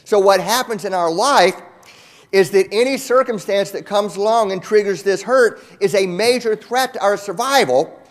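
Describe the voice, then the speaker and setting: Man, high voice, motivational keynote speaker, earnest, repeats for emphasis. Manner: earnest, repetitive emphatic phrasing, slows for key points. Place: large conference hall.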